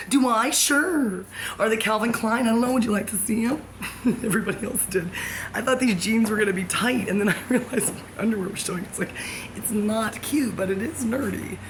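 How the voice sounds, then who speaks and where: A woman's voice: a little high, normal speed, long pauses. Rambling woman vlogger, noisy background. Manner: free-associating, jumpy, laughs often. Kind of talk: rambling monologue. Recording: background noise.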